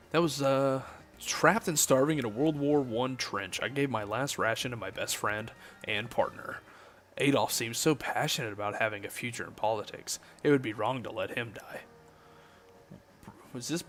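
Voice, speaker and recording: A relaxed man with a Southern US drawl hosts a late-night game stream, joking with his chat between tasks. His voice sits in an ordinary middle register, and faint music plays under his talk. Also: medium pitch. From Southern United States. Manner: relaxed, joking, chatting with viewers.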